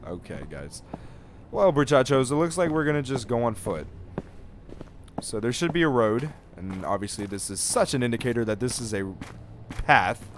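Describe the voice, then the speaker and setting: Young man, let's play commentary, chatty, joking, animated pitch, background noise. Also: moderate pace. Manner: chatty, joking, swearing, talks to viewers. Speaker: gaming youtuber.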